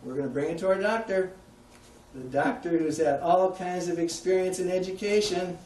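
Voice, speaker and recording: A man's voice: sits high, steady tone, moderate pace, a little mellow, recorded from a distance. A man giving a conversational public talk, putting questions to his audience. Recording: echoey room, heard from afar.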